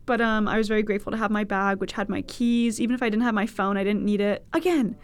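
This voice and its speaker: A woman's voice: mid-range voice, fast, clear, resonant tone. A young woman hosting a podcast, telling a personal story in casual, candid chat with frequent swearing and laughter. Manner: candid, swearing, laughing, animated quoted voices. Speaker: podcast host.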